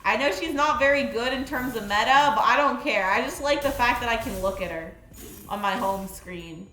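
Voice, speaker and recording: A young woman streaming a game, chatting in an excitable, rambling way with lots of fillers. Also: fairly high pitch, normal speed. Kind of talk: casual live-stream chat. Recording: roomy echo with faint music.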